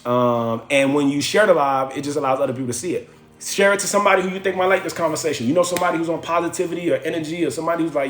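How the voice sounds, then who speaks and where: A man's voice: a little high, racing, roomy sound, soft background music. A man hosting a livestream from home, giving a slangy, preachy motivational talk that repeats phrases for effect. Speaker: livestream host.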